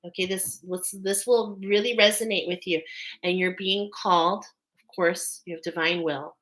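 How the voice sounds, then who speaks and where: Lady doing a live channeled reading, talks real slow, keeps stopping to say okay. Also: on the low side, fairly bright tone, poor audio. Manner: halting, often checks in with "okay". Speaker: intuitive reader.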